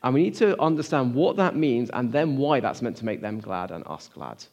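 Man, preacher, sermon, earnest, rhetorical questions, emphatic then hushed. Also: medium pitch, lively intonation, normal speed, dull audio. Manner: swings from emphatic to hushed, near-whispered lines.

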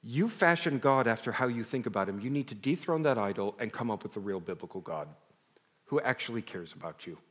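A man's voice: medium pitch, animated, a little fast, a bit bright. A middle-aged man preaching a conversational sermon to a congregation, telling personal stories with self-deprecating asides. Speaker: pastor. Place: large hall before a congregation. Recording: long hall reverb.

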